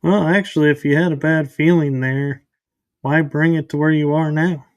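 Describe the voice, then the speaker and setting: A man's voice: a little high, fairly even intonation, moderate pace, no room sound. A man hosting a podcast, making thoughtful, reflective remarks in casual conversation. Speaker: podcast host. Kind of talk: casual chat.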